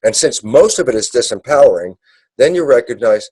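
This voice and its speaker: Mellow husky man lecturing emphatically. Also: mid-range voice, lively intonation, no room sound, poor audio. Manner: acts out dialogues in quick asides. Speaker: speaker. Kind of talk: animated lecture.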